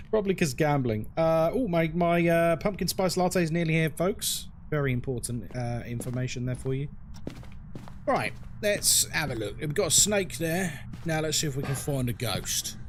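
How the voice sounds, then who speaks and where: A man's voice: a little high, a little hiss or hum. A man streaming a horror game, chatting casually, greeting viewers and laughing often. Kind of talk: casual live-stream chat.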